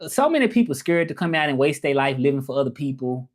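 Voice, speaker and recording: A man with a Southern US accent, a livestreamer and language teacher, chats casually as he reads viewer comments and talks directly to his audience. His medium-pitched voice has a sing-song lilt and moves at a quick pace.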